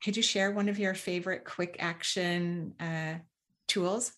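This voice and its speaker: A woman's voice: on the low side, fairly even intonation, measured pace, a bit bright. Effusive woman hosting an interview. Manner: effusive, laughs often. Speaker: podcast host. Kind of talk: casual interview chat.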